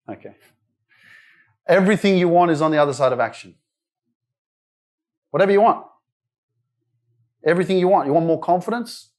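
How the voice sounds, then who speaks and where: A man in his thirties delivers a live motivational speech to a room at a wellness event. He talks in short, punchy bursts, blunt and emphatic, with the odd swear word. His voice sits somewhat high for a man. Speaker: motivational speaker.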